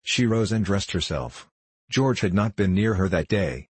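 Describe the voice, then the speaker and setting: A man reading a novel aloud as audiobook narration, in an even, unhurried storytelling manner. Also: sits low, breathy edge, dry recording. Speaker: audiobook reader. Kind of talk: scripted narration.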